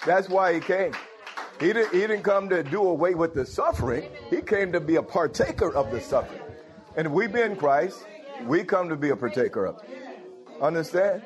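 A man preaching a sermon in a conversational way, often putting questions to his congregation. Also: a little high.

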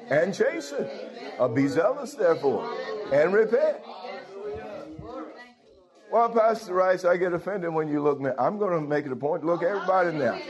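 A man's voice: fairly high pitch, lo-fi sound. A male pastor preaching a sermon, calling out to the congregation and chuckling as he goes. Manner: call-and-response, asks the congregation "Huh?" often, chuckles.

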